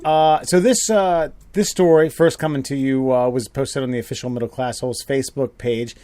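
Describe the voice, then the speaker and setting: Man, podcast host, halting, repeats words, casual, dry close mic. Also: medium pitch, dark tone, dry recording. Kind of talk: casual chat.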